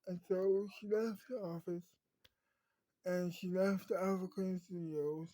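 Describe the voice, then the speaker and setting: Brief: male storyteller, slow and hesitant, mellow dry voice. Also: sits high, fairly even intonation, dry recording, rough recording. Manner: halting, many ums and restarts. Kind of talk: improvised spoken story.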